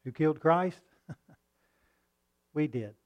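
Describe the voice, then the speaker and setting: A man preaching a sermon in a conversational tone, asking rhetorical questions and reading scripture slowly. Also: a little high, highs cut off.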